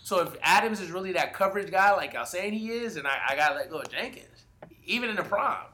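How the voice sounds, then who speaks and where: Bright high-voiced man arguing football. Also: quick pace. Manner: animated, profane, hedging with "like". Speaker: podcast co-host. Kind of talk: casual sports debate.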